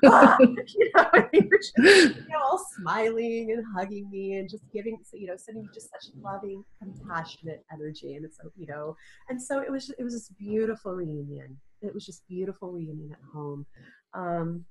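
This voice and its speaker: A woman's voice: mid-range voice, moderate pace, poor audio. A woman, a guest in an interview, speaking in an earnest, searching way and often restarting her sentences. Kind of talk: casual interview talk. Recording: audio-only interview.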